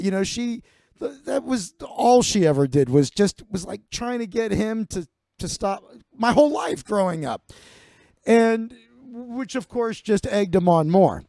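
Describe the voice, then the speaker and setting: A man's voice: sits high, animated, a little slow, gravelly, mellow, dry recording. A man in his forties, a comedian host telling a rambling, profane story full of fillers and restarts. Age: 40s.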